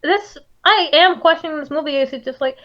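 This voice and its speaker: Woman, co-host, animated, profane, casual review chat, dull lo-fi recording. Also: high voice, brisk. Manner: animated, swears a lot. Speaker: podcast co-host. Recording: dull lo-fi audio.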